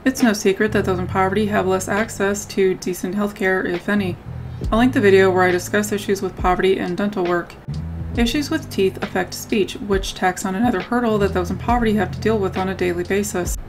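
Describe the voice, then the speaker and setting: A woman narrating a scripted video essay in a measured way, often reading out quotes. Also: medium pitch, fairly even intonation. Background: background music.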